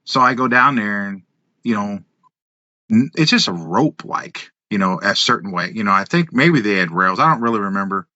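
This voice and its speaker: Guy in his 50s spinning wild stories, bright forceful voice, kinda dull dry recording. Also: lowish voice, normal speed, no room sound. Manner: animated storyteller, acts out voices, laughs, swears. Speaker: podcast guest, wrestler and musician. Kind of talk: casual storytelling.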